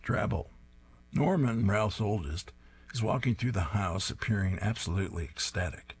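A man describing comic strips panel by panel and reading them aloud in a steady, descriptive way with dry amusement. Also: on the low side, normal speed, slightly rough. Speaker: comics reader.

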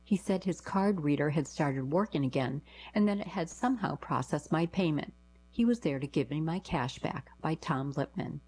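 A woman's voice: deep voice, moderate pace, a little mellow, slight background noise, low-quality recording. A woman reading short first-person anecdotes aloud, giving quoted lines a lift in her voice.

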